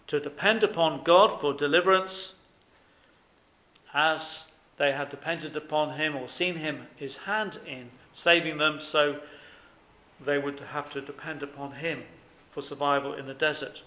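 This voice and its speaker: A man's voice: fairly high pitch, a little slow, bright, forceful tone. A man preaching a sermon, putting many rhetorical questions to his listeners. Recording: echoey room.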